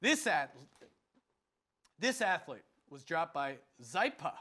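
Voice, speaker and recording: A man's voice: on the high side, very animated, takes it slowly, pushed and bright. A man hosting a comedy quiz show, playful and laughing often as he jokes with his panel. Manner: playful, laughs often, acts out silly bits.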